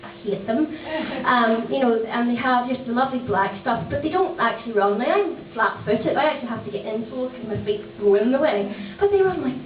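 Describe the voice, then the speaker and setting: A woman's voice: on the high side, brisk, hardly any pauses, a crowd in the background. A woman in her thirties with a Northern Irish accent doing a chatty, brash stand-up set, swearing freely and laughing often. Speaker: stand-up comedian. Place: small comedy club stage. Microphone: handheld stage mic. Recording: tinny, distant, echoey club recording.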